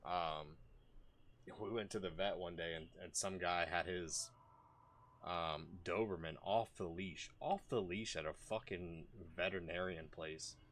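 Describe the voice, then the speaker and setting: Low-voiced forceful male streamer. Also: unhurried. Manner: rambling, profane, many restarts. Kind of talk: casual commentary.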